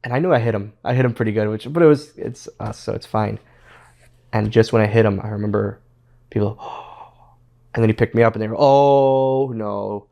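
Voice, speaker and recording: A man's voice: on the low side, fairly even intonation, brisk, gravelly, a little mellow. A man, a former pro wrestler, telling stories as a guest in a casual interview, rambling and repeating words as he quotes others.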